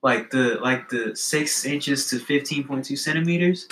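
A man's voice: medium pitch, moderate pace, fairly bright tone, roomy sound, slight background noise, rough recording. A man co-hosting a casual comedy chat, reading jokes aloud in a rambling, playful way with many restarts. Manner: rambling, self-interrupting, playful.

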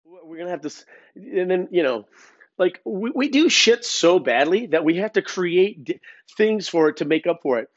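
Here the host has a high, animated voice and keeps a moderate pace as he rants loosely, cursing freely and restarting sentences with stammers and fillers. The dry recording has a flat, lo-fi quality.

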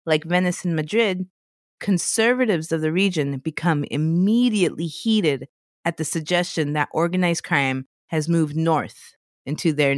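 A woman's voice: low-pitched, dry recording, studio quality. A woman hosting a podcast, telling a story in a loose, conversational way and laughing easily between points. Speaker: podcast host. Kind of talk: casual podcast chat and storytelling.

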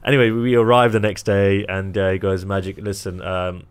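A young man, a magician, casually telling animated stories and quoting people, laughing often. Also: low-pitched, moderate pace, clean tone. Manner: animated storyteller, quotes others, laughs often. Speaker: magician and entertainer. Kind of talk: casual chat.

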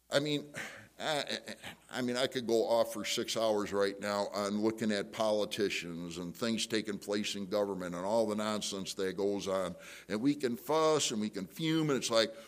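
A middle-aged man preaching a sermon, telling a story and acting out the voices in it with big jumps up in pitch. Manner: animated storytelling, jumps high to act out quotes. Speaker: pastor. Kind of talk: sermon with acted-out anecdote.

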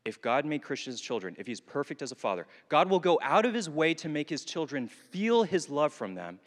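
Young guy preaching at a retreat, super expressive voice, big echoey hall. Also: on the high side, fairly quick. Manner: animated storytelling with asides to the audience. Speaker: retreat speaker. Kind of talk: sermon with personal story. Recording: long hall reverb.

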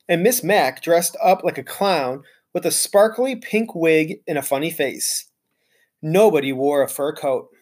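A male teacher reading a children's chapter book aloud, narrating in an expressive, storytelling way. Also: fairly high pitch.

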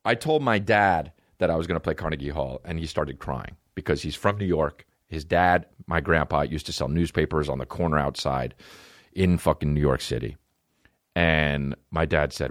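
A male comedian and podcast host telling a profane, animated personal story in casual chat. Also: rumbling low, moderate pace, dry recording, clean studio sound.

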